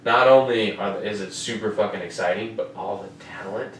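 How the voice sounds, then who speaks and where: A man's voice: on the low side, fairly quick. A man hosting a casual fight-recap podcast, swearing often and asking "you know what I mean?" over and over. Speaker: podcast host. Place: home room with air conditioner. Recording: roomy, distant mic, faint noise.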